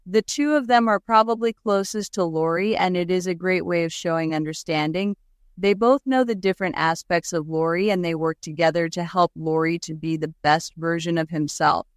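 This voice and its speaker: A woman's voice: lowish voice, moderate pace, clear, resonant tone, dry recording, studio quality. A woman co-hosting a podcast, talking through a film adaptation in a chatty, reflective way. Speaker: podcast co-host. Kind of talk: casual chat.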